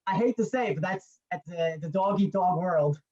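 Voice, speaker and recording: A man's voice: high voice, normal speed, warm tone. Hesitant young man, dull lo-fi sound. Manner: hesitant, many fillers and restarts. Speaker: student. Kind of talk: casual storytelling in class.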